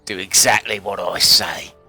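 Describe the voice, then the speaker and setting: A game master voicing a gruff, threatening male kidnapper during a tabletop game. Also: low-pitched, moderate pace, pushed and bright, soft background music, exaggerated voice. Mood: menacing. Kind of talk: tabletop game role-play.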